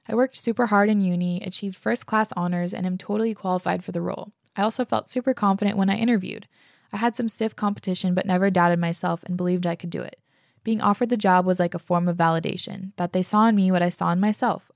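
A woman's voice: mid-range voice, vocal fry, no echo, clean studio sound. A young woman hosting a casual podcast, reading listener letters aloud and chatting about them, enthusiastic and swearing freely. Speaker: podcast host.

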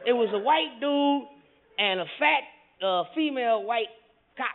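A man's voice: extremely high pitch, expressive, measured pace, phone-quality sound, slight background noise. A male stand-up comedian telling a profane story on a live stage, with rowdy punchlines. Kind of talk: stand-up routine. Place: live theater stage with audience.

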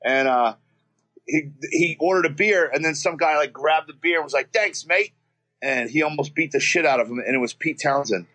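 A man's voice: a little high, fairly quick, bright, forceful tone. A man from Florida telling a childhood story as a guest, rambling and swearing, with many restarts. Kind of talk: casual storytelling.

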